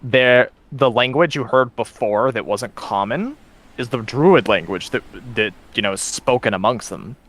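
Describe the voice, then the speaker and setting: A man's voice: mid-range voice, expressive, measured pace, fairly bright tone. Man narrating as game master.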